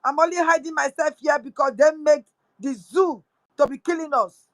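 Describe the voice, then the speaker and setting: A woman's voice: sits high, normal speed, no room sound, rough recording. A woman with a Nigerian accent mixing in pidgin, angrily accusing someone in a live audio room. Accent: Nigerian English with pidgin. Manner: angry, accusing, repetitive. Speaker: speaker on a live audio space.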